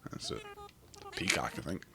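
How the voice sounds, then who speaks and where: A man chatting casually as he plays a game, with a rough morning voice, rambling and thinking aloud. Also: a bass voice, wildly swooping pitch, normal speed, bright, forceful tone. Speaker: game streamer. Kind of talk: casual gameplay commentary.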